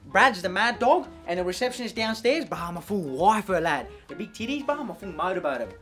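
Over soft background music, a man with a high-sitting, slightly bright voice acts in a comedy sketch, speaking fairly quickly and very animatedly. He plays a brash, crude young eshay slacker office worker with a slangy Australian accent, swaggering, mouthy, and cocky.

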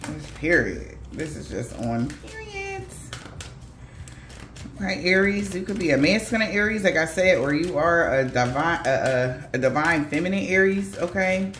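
A woman's voice: on the low side, normal speed, few pauses, fairly bright tone, a little hiss or hum. A woman doing a casual tarot reading for viewers, talking bluntly in slangy, profane speech with laughing asides. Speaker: tarot reader. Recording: echoey room.

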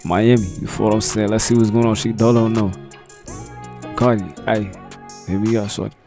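Man, reaction host, slangy and relaxed, lowish voice, laughs a lot. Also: moderate pace, creaky, faint music behind. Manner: slangy, laid-back, laughs often. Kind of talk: casual reaction commentary.

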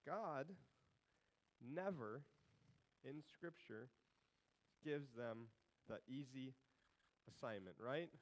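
A man's voice: mid-range voice, animated, slow pace, pauses often, rough recording. A male pastor preaching a sermon in a conversational, humorous way, with sarcastic asides.

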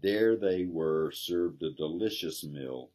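A man, a pastor, gently reading a children's story aloud. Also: low-pitched, takes it slowly. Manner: gentle storytelling, plainly voicing characters.

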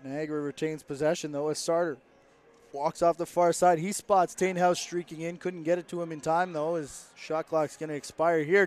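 Man, play-by-play commentary, brisk, slightly high voice, rising with the action. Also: little pitch movement, darkish tone, slight background noise. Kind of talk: sports commentary.

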